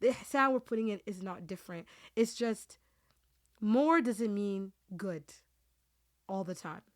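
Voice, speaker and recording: A woman's voice: mid-range voice, animated, measured pace. A woman hosting a podcast, talking with her team in a heartfelt, rambling way, restarting her sentences often. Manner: Muslim phrases woven into speech. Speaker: podcast host. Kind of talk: emotional team chat.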